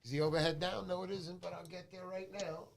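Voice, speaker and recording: A man's voice: sits high, steady tone, quick pace, creaky, slight background noise. A middle-aged man hosting a casual livestream, joking and greeting viewers by name. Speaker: livestream host.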